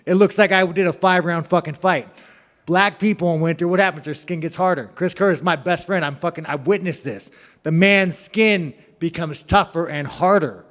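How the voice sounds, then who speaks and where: Brash, profane fighter in an echoey room. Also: male voice, high-pitched, a bit bright. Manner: brash, profane, rambling, joking. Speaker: fighter at a press event. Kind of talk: media scrum answers.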